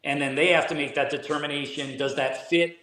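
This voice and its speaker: A man speaking a little higher than most men tells his stories at an unhurried, easygoing pace, with plenty of filler words. His voice carries a noticeable room echo, as if recorded in a bare studio. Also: steady tone, sharp tone, slight background noise. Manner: easygoing storyteller, frequent "you know" fillers. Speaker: guest actor and drummer. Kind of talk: casual interview chat. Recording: roomy echo.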